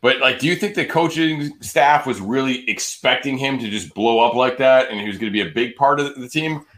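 Male podcast host, bright tense tone, rambling delivery, casual sports chat. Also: medium pitch, brisk. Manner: loose and rambling, many restarts.

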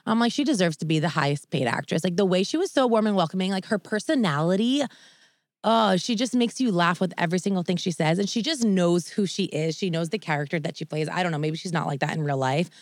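Gushing young woman, lower voice. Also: quick pace, no echo, studio quality. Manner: gushing, enthusiastic. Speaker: podcast co-host. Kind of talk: casual chat.

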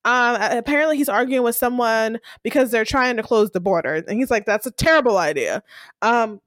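A woman co-hosting a casual recap podcast, talking in a lively way and acting out characters' lines as she retells scenes. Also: a little high, fairly quick, no room sound, clean studio sound. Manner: animated, acts out characters' lines while retelling. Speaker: podcast co-host recapping a TV episode. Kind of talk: casual chat.

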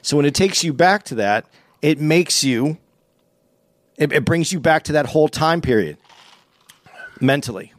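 A man's voice: on the high side, expressive, measured pace, long pauses, dry recording. A man co-hosting a casual chat, speaking hesitantly and restarting his sentences.

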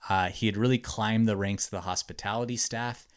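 A man's voice: lowish voice, steady tone, brisk. A man hosting a podcast, telling a true story to friends in a chatty way, with lots of "like" and "um". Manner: chatty, hedging with frequent "like" and "um". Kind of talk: casual storytelling narration.

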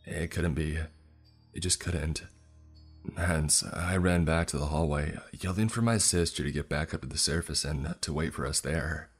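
A man narrates a horror story in a tense, measured way, his voice very deep and husky. Faint music plays under the reading.

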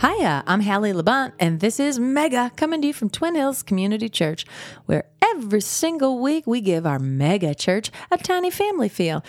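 A woman's voice: on the high side, big pitch swings, moderate pace, darkish tone, no echo, soft background music. A woman playing a chipper church podcast host in an improvised satire, gushing and sweet. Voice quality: sugary, gushing.

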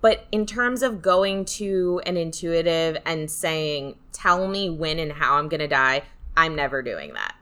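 A young woman talks through a casual podcast chat in a bright, forward tone. She rambles with plenty of fillers and leans into her words with emphasis. Her voice sits a little low for a woman. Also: lively intonation, unhurried. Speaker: podcast co-host.

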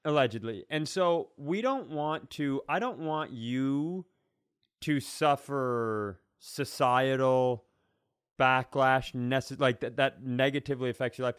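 A man's voice: mid-range voice, takes it slowly, smooth, no echo, studio quality. A man co-hosting a comedy podcast in casual chat, teasing his partner and asking rambling questions full of restarts. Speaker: podcast co-host.

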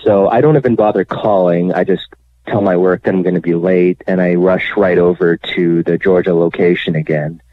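Low male caller, candid and chatty, heard over a dry phone line. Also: normal speed, no echo. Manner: candid, animated storytelling with many fillers. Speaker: guest telling his bank fraud story. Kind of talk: radio interview.

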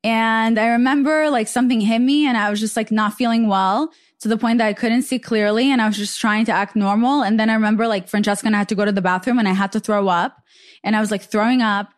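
A woman's voice: fairly high pitch, fairly even intonation, fast talker. A young woman hosting a casual chat, telling a long story full of "like" fillers. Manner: chatty storytelling, many "like" fillers. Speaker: podcast host.

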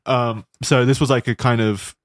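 A young man in his twenties talks loosely on a podcast, with an average pitch. He rambles through his story with plenty of fillers and little laughs. The sound is dry and close. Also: steady tone, moderate pace, no echo. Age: 20s. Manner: laid-back, rambling with frequent fillers and laughs. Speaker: podcast co-host. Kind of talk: casual chat.

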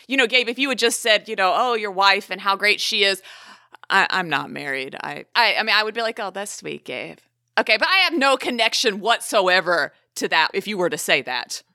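Bright-voiced chatty Southern woman. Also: medium pitch, no room sound, studio quality. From American South. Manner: chatty and animated, laughing often. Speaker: podcast co-host. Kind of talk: casual podcast conversation.

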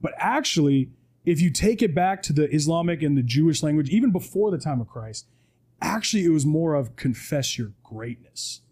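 A man's voice: a little high, expressive, moderate pace, darkish tone, breathy edge. Emphatic man preaching in a podcast. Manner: preachy, emphatic, keeps asking "right?". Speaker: podcast guest. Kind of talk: animated motivational talk. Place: podcast studio.

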